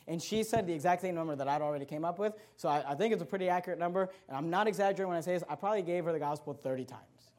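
Guy with a pretty high voice preaching, slow emphatic verse reading, stumbles on uh's and repeats. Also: darkish tone. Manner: emphatic preaching, slows down to read verses, quick asides; repeats words and stumbles with fillers. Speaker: pastor. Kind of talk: sermon.

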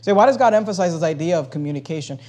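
A male pastor preaching a sermon, emphatic, swinging between loud and hushed and repeating phrases to drive his point home. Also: fairly high pitch, expressive, very fast.

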